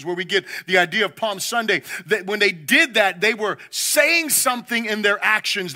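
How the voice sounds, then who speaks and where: A pastor preaches emphatically, stumbling over repeated words as he builds each point. When voicing quoted figures, he gets louder and higher.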